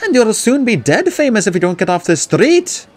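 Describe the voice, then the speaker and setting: A man's voice: high-pitched, big pitch swings, moderate pace, voice pushed up. A man voicing a blunt female vampire warrior. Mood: dry, blunt. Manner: curt and dry.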